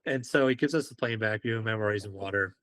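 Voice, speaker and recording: Talking fast in a fairly low-pitched voice, a former British Marine shares stories on a podcast in a casual, animated manner, acting out each bit of quoted dialogue.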